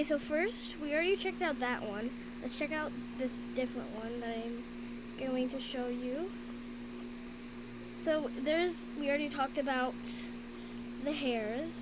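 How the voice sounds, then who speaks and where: High-voiced woman gaming over loud noise. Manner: jumpy, frightened, repeating herself. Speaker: gaming video creator. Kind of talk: casual gameplay commentary.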